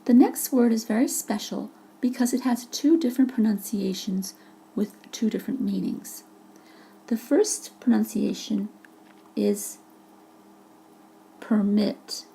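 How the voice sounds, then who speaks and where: A woman's voice: mid-range voice, a little slow, creaky, dark tone. A woman teacher narrating a vocabulary lesson over a presentation, patiently explaining each word with examples. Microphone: voice-over for a slide presentation.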